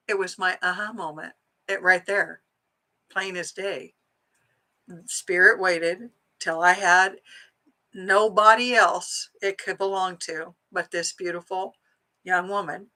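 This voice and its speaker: Woman, middle-aged, bright and pushing tone, casual storyteller who acts out quotes. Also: lowish voice, takes it slowly, pauses often, low-quality recording. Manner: chatty, animated, acts out quoted lines. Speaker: psychic medium telling a personal story.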